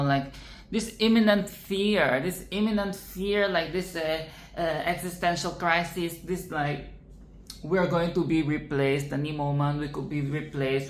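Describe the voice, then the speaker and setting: A vlogger gushing and ranting about a film in a loose, dramatic way, leaning on repeats and swear words for effect. The mid-pitched voice sits in a roomy, echoey space. Faint background ambience hums underneath. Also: slight background noise. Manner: dramatic, animated and profane, repeats phrases for emphasis. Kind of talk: casual film commentary.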